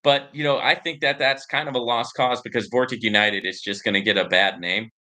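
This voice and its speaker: A man's voice: medium pitch, steady tone, brisk, pushed and bright. A man hosting a casual livestream and answering viewer comments. He rambles and tags his points with "right?" and filler words. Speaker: livestream host.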